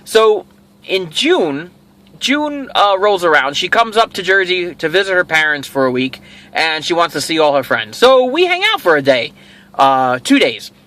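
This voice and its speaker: A man's voice: high voice, moderate pace. A middle-aged man hosting a casual video, rambling through a personal story and acting out what each person said. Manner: rambling, animated, acts out quoted dialogue. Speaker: toy show host.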